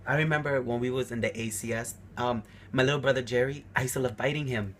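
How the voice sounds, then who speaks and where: A man's voice: medium pitch, quick pace, slight background noise. A young man vlogging to camera, telling personal stories casually and acting out quotes animatedly. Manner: animated, acts out quotes with a raised voice.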